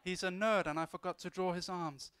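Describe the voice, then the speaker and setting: A man's voice: high voice, steady tone, a little fast, fairly bright tone, smooth. A man giving a self-mocking, jokey talk on a convention panel.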